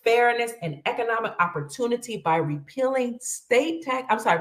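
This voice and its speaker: A woman's voice: mid-range voice, roomy sound. A middle-aged woman hosting casual news commentary, chatty, addressing her viewers as family and reading lists aloud. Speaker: host.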